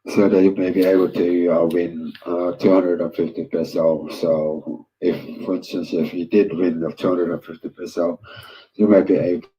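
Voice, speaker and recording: A man hosting a casual livestream, greeting viewers in loud, upbeat bursts and rambling hesitantly with lots of filler words. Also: deep voice, little pitch movement, moderate pace, a little hiss or hum, rough recording.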